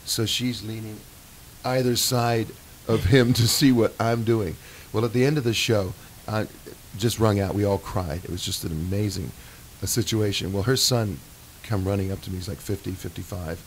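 Older guy, really low gravelly voice, rambling earnest story, light hiss. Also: fairly even intonation, normal speed. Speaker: guest singer and performer. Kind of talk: casual storytelling on radio. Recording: faint hiss.

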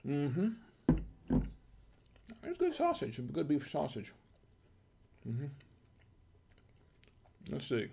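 A man's voice: on the high side, wildly swooping pitch, very slow, creaky, long pauses, darkish tone, slight background noise. A man hosting a casual wine tasting livestream, musing aloud in a hesitant, chatty way. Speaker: wine review show host.

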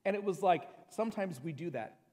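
A middle-aged man preaching a sermon as pastor, talking in a conversational, joking way with personal stories and reading scripture slowly with emphasis. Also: high voice, lively intonation, darkish tone. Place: church sanctuary. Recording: long church hall reverb.

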